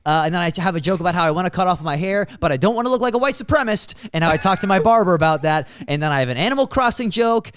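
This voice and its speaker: A man in his twenties, a comedian, running through his stand-up set with quick, animated joke delivery. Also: high-pitched, slight background noise. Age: 20s.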